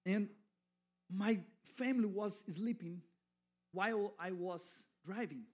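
Slow, high-voiced man preaching a sermon. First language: not English. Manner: halting, self-correcting, builds to fervent shouting. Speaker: guest preacher.

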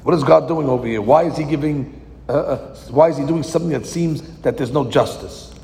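A man giving a verse-by-verse Torah class, reading Hebrew lines slowly, then translating and explaining them with rhetorical questions. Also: on the high side, vocal fry, mellow, slight background noise. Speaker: Torah teacher. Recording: long hall reverb.

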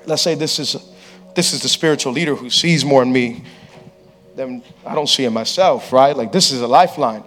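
A pastor preaching a sermon on a church stage, telling a story playfully and acting out the people in it. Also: male voice, medium pitch, moderate pace, soft background music. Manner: lively, playful storyteller who acts out quotes.

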